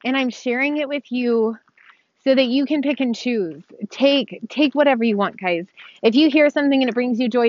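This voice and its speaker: A woman's voice: fairly high pitch, no echo, dull audio. A woman telling her own story of abuse and recovery in a heartfelt monologue, earnest and emotional, talking straight to her viewers with small laughs. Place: outdoors on a dirt road.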